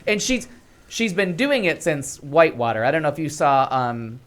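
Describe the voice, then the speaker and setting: A woman's voice: low-pitched, normal speed. An American woman co-hosting a talk show, telling a long story in casual chat and filling it with "like". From United States. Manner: animated storyteller, lots of "like". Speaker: podcast co-host.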